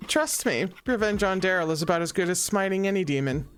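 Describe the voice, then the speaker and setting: A woman's voice: on the low side, lively intonation, moderate pace, faint music behind, lightly acted. A woman voicing a sassy, scheming female angel who performs at a bar and talks people into her plans. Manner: sassy, persuasive. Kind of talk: let's play voice acting.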